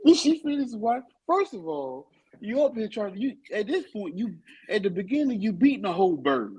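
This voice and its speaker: A woman's voice: medium pitch, big pitch swings, a little fast, a little mellow, breathy edge, rough recording. Incredulous laughing woman co-host. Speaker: podcast co-host. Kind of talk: casual chat.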